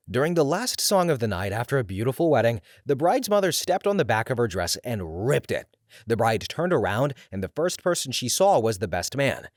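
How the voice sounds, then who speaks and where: A man narrating scripted stories in an expressive, animated way. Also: mid-range voice, no echo, studio quality. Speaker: story reader.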